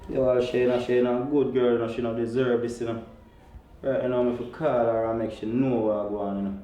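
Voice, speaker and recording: A man's voice: medium pitch, flat delivery, fast talker, close to an everyday voice. An actor with a Jamaican accent playing a jealous man ordering his girlfriend out of his house. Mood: brooding. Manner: ordering, shouting commands. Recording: echoey room, mic far off.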